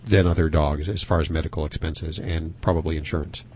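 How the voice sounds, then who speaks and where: A man's voice: a bass voice, a little fast, husky. A man hosting a radio talk show, upbeat as he takes callers. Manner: lively, upbeat, takes calls.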